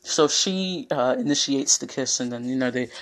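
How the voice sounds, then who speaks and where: Here a man recaps a movie scene by scene for an online video, speaking casually at a moderate pace with a medium pitch and fairly bright tone. He drifts into tangents and fills his talk with fillers.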